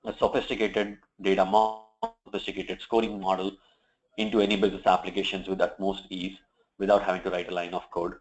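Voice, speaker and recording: Male presenter, deep voice, steady explanatory software walkthrough, dull lo-fi webinar sound. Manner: steady explanatory, occasional fillers. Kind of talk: product demo walkthrough.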